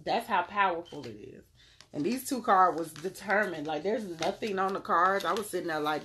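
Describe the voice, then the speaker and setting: A woman's voice: on the low side, lively intonation, moderate pace, fairly bright tone, a little hiss or hum. A woman giving a casual tarot reading on a live stream, laid-back and slangy, calling her viewers "beloved".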